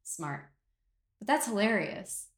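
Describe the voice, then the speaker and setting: A woman's voice: mid-range voice, big pitch swings, takes it slowly. A woman co-hosting a podcast, reacting in casual chat with playful teasing. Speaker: podcast co-host. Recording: roomy echo.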